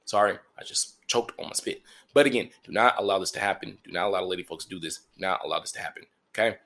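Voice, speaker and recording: A man's voice: low voice, quick pace, gravelly, fairly bright tone, a little hiss or hum. A man hosting a podcast, delivering a crude, joking monologue full of repeated phrases and playful asides. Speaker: podcast host.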